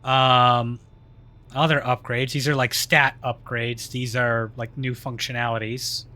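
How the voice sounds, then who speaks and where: Slow-talking bright-voiced male streamer. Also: mid-range voice, little pitch movement. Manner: chatty, laughs often, trails off mid-sentence. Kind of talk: live gameplay commentary.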